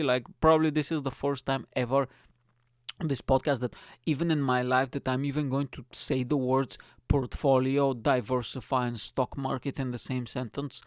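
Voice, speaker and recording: A man's voice: mid-range voice, no room sound, studio quality. A young man hosting a podcast, ranting in a rambling comic monologue, swearing and laughing at his own jokes. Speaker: podcast host.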